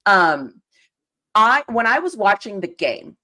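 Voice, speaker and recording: Excited, ranting woman with a lively voice. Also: medium pitch, takes it slowly. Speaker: guest co-host. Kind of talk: live stream sports chat.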